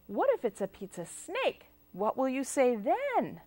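A woman's voice: high voice, wildly swooping pitch, a little slow, hardly any pauses, a little mellow. A woman reading picture books aloud to children at a library storytime, sing-song and asking them questions. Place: public library. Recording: local cable TV taping.

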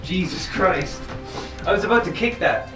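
A young man filming a casual travel vlog, excitable and swearing freely. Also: high-pitched, normal speed, over music. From Ireland. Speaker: vlogger. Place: outdoors and inside an abandoned train.

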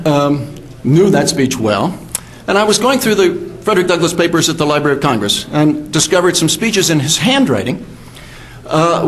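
An older man, a history professor, giving a measured academic lecture with fillers and self-corrections. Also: on the high side. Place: symposium hall.

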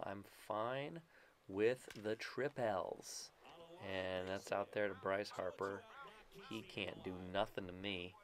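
A man giving live gameplay commentary for his channel, excitable and joking, with playful trash talk. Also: lowish voice, creaky. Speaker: gaming YouTuber.

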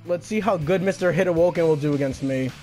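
A man's voice: on the high side, fast talker, mellow, slight background noise. A young man giving live gameplay commentary, cockily trash-talking and taunting his opponent. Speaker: gaming channel host. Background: game music.

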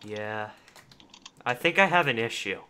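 Bright-voiced man bantering over a game. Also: medium pitch, expressive, smooth. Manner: joking, teasing, quick back-and-forth. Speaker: server owner and group leader. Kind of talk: casual gaming chat.

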